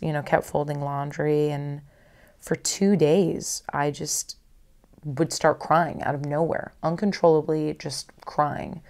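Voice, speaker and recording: A young woman talks through her feelings on her own podcast, candid and rambling, circling back over the same phrases. Her voice sits low, with a gravelly fry running through it. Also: a little mellow. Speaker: podcast host. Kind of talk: personal reflective monologue.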